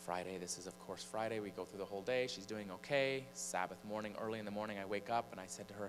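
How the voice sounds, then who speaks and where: A man's voice: lowish voice, fast, few pauses, soft background music. A man from Michigan, a preacher and singer, animatedly telling a personal story from the pulpit in a large church. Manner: animated storyteller, building suspense. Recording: long church reverb, faint mains hum.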